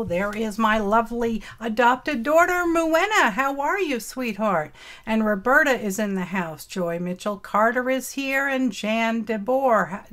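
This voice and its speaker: A woman's voice: on the high side, fairly bright tone. A woman hosting a casual craft live stream, greeting chat viewers with affectionate pet names and folksy, old-fashioned exclamations.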